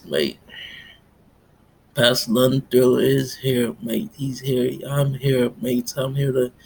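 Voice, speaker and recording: A man rambling in a monologue, tacking "mates" onto nearly every phrase in a halting, repetitive delivery. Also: mid-range voice, vocal fry, a little mellow, breathy edge. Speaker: self-styled pastor vlogger.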